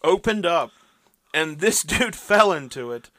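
Male podcast co-host, bright and slightly high, laid-back joker, dry close sound. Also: expressive, measured pace, no echo. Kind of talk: casual chat.

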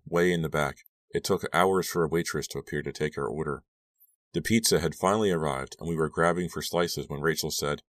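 A man reading an audiobook as narrator, steady and even. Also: extremely low pitch, fairly quick, dry recording, clean studio sound. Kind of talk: scripted narration.

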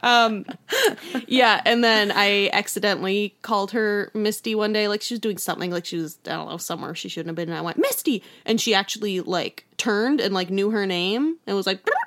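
A young woman co-hosting a casual podcast chat, telling animated stories and acting out the voices of people she quotes. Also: medium pitch, fairly quick. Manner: animated storyteller who acts out quoted voices. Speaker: podcast co-host.

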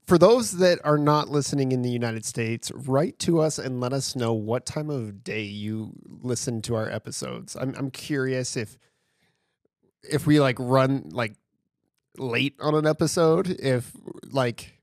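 A man's voice: mid-range voice, measured pace, a little mellow, no echo, studio quality. A man co-hosting a podcast in casual chat, rambling, swearing freely and getting enthusiastic. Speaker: podcast co-host.

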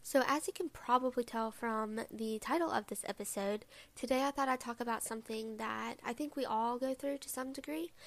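A woman's voice: on the high side, gravelly. A young woman hosting her own podcast, chatting casually and rambling with lots of asides. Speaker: podcast host. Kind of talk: casual solo podcast chat.

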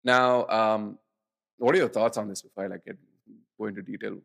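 A man's voice: on the low side, fairly even intonation, a little fast, creaky, a bit bright. A man co-hosting a podcast, chatting casually about films and rambling through fillers and restarts. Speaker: podcast co-host. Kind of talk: casual film chat.

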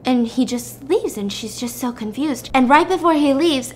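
A young woman retelling a story in a chatty, animated way, full of "like", as a podcast host. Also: high-pitched, normal speed, a little hiss or hum. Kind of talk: casual story recap.

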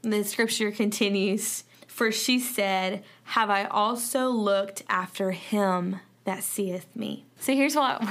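A woman's voice: medium pitch, a bit bright. A woman with a Southern accent giving an earnest, conversational Bible study talk, with fillers and restarts along the way. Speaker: Bible teacher.

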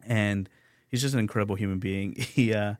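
A man's voice: on the low side, fairly quick, dry recording. A man, a restaurant owner, chatting as a guest on an interview show, eager and stumbling over repeated words. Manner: enthusiastic, repeats words when excited. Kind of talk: casual interview chat.

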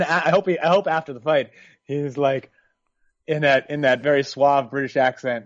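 Chatty new york guy cohosting, fairly high voice, dry slightly muffled mic. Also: normal speed, no echo. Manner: wry, talkative. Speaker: co-host. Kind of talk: casual chat.

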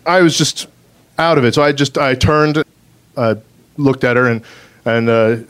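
A man tells a true personal story, hesitating often with ums and uhs. He sounds self-amused as he talks. His voice sits at a medium pitch. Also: a bit bright, smooth. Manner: halting, filler-heavy, self-amused.

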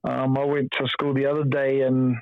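A man, chatting casually as an interview guest, relaxed and full of "like" and "um". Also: mid-range voice, normal speed, creaky, dry recording, narrow, tinny audio. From New Zealand. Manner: relaxed, lots of "like" and "um". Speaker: guest, rugby player.

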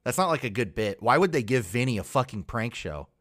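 A man's voice: medium pitch, big pitch swings, fairly quick, fairly bright tone, no echo, studio quality. A man chatting casually about a TV show, wry and mocking, laughing often. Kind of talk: casual chat.

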